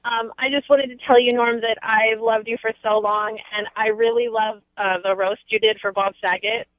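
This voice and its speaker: A woman calls in to a radio show and gushes as a fan. Her fairly high voice comes through a thin, tinny phone line that sounds close and dry. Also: fairly even intonation, moderate pace, no room sound. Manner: gushing fan. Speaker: caller. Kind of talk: call-in radio.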